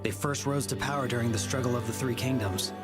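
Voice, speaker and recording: Actor for serious young male companion, mid-pitched, plain, game dialogue. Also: steady tone, fast, lightly acted. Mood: grave. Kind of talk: video game voice acting. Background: loud game music.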